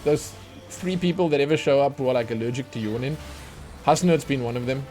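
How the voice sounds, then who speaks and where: Man, game streamer, tired, rambling casual chat, average pitch, faint background music. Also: fairly quick, a little mellow. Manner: rambling, chatty, self-mocking. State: tired from lack of sleep. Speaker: let's play streamer. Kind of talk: casual chat while gaming.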